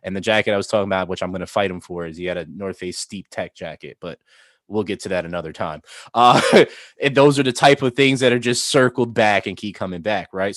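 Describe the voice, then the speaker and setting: A man's voice: on the low side, no room sound, studio quality. A man co-hosting a casual sneaker podcast, talking in a rambling, enthusiastic way with many restarts. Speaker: podcast co-host.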